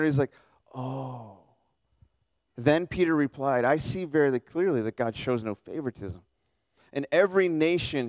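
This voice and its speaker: In a church, a male pastor delivers a casual, joking sermon, acting out the story's characters with quick shifts in his voice. His voice sits on the high side, with no echo.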